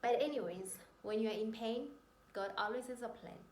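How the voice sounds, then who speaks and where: A woman's voice: fairly high pitch, moderate pace, darkish tone, a little hiss or hum. Earnest woman, roomy echo. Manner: earnest, emotional, faith-filled. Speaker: vlogger. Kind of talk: personal testimony. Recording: roomy echoey room.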